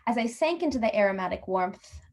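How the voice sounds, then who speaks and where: A woman reading her own humorous personal essay aloud at a workshop, wry and lively, voicing the people in it. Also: medium pitch, a little fast. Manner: wry, lively storytelling with put-on voices for dialogue. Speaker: workshop reader.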